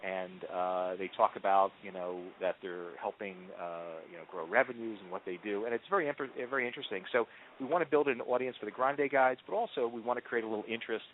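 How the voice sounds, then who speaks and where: A man being interviewed as a marketing executive, telling stories in an animated way with frequent ums and restarts. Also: fairly low pitch, a little fast, slight background noise. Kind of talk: conversational interview answers. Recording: tinny phone-line audio.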